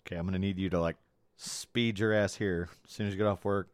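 A man co-hosting a podcast, chatting about football in a loose, animated way and swearing now and then. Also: deep voice, quick pace, smooth, no echo. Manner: animated, swears, quotes movie lines. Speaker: podcast co-host. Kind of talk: casual sports chat.

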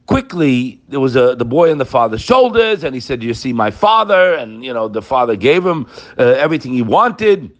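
A man giving an emphatic daily Torah talk, weaving Hebrew quotations into English and calling his listeners "guys". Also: medium pitch. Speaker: Torah teacher.

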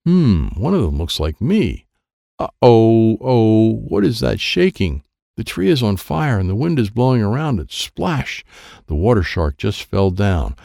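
A man reading a children's chapter book aloud with plenty of playful animation, his low voice gravelly and rising and falling in wide swings. He voices the sound effects himself, and the recording is close and dry. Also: very animated, normal speed, mellow, no room sound. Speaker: audiobook narrator.

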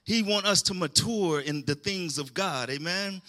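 A man's voice: a little high, normal speed, fairly bright tone. A man preaching a sermon, calling out to the congregation and rising into emphatic bursts.

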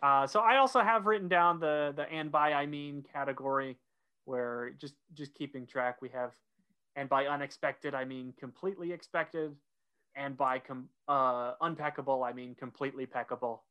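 A man's voice: medium pitch, normal speed, clear, resonant tone, lo-fi sound. A man co-hosting a casual podcast, walking through an episode step by step and leading the segments. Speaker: podcast co-host.

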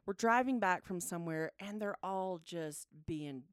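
A woman in her thirties co-hosting a podcast, telling a story in a lively way, often laughing and acting out what people said. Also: fairly low pitch, measured pace, clean tone, dry recording, clean studio sound. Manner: animated, laughing often, acts out quotes. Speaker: podcast co-host. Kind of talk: casual storytelling chat.

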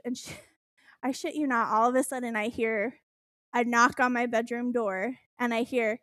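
A young woman with a fairly high voice tells a story in a close, dry recording. She is animated and expressive and swears freely as she laughs through it. The tone is casual podcast chat. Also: moderate pace, no echo.

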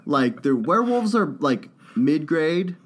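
A man's voice: fairly high pitch, very animated, unhurried. A man co-hosting a podcast in casual chat, rambling and joking with plenty of swearing. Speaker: podcast co-host.

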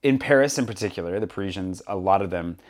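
A man hosting a casual podcast chat, an animated storyteller who acts out the people he quotes. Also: low voice, fast talker. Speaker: podcast host. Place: Paris.

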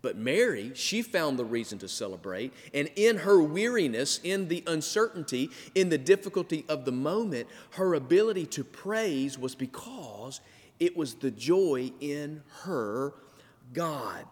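A pastor preaching a sermon, building emphasis through repeated phrases. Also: male voice, a little high, animated, unhurried, in a large hall. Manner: preaching with rising emphasis and repetition.

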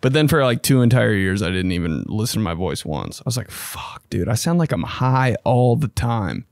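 Lively, profane young podcast host. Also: male voice, a little fast, gravelly, no echo, studio quality. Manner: loose, profane and animated, with sudden jumps in pitch. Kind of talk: casual solo podcast chat.

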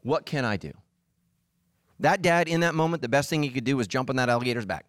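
A man's voice: mid-range voice, quick pace, no room sound, clean studio sound. A middle-aged man preaching a humorous sermon, acting out voices and quotes as he tells stories. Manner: animated, acts out voices and quotes. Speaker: pastor.

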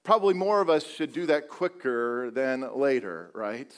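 A man preaching a conversational sermon, asking repeated rhetorical questions and slowing down on key words before speeding up again. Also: mid-range voice. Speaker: pastor.

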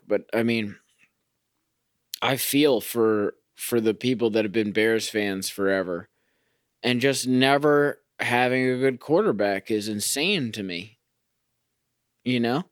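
A man's voice: lowish voice, a little slow, clear, resonant tone, no room sound, studio quality. A young man ranting profanely as a sports fan, talking in a casual, exasperated monologue.

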